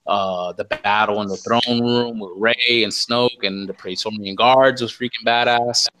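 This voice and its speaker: Male podcast panelist, low-ish bright tone, enthusiastic casual chat. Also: steady tone, measured pace, a little hiss or hum, rough recording.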